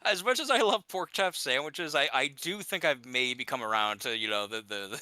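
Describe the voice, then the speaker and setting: Animated, bright-voiced young man rambling. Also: mid-range voice, normal speed, few pauses, smooth, no room sound, rough recording. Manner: rambling, stumbles over words, laughs often. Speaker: gamer chatting with friend. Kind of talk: casual chat while gaming.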